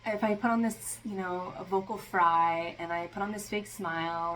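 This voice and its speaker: A woman with a lowish voice talks through a tarot reading in a relaxed, meandering way, leaning on fillers as she goes. Her tone carries a dry, sarcastic edge, and a faint hum of ambient noise sits behind her. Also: normal speed, hardly any pauses, poor audio. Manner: rambling, loose, with many fillers. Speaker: tarot reader. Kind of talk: casual spiritual tarot reading.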